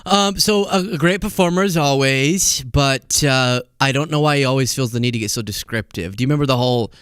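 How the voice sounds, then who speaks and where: A man's voice: medium pitch, a little fast, a bit bright, clear, resonant tone, no room sound, clean studio sound. A man hosting a live show, chatting casually and animatedly, joking and laughing as he talks. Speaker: host. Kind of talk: casual live-stream commentary.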